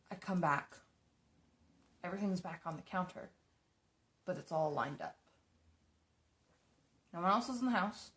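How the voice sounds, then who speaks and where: A woman's voice: on the low side, expressive, unhurried, pauses often, a bit bright, slight background noise. A young woman casually telling stories while doing her makeup, chatty and rambling, swearing freely. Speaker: makeup streamer.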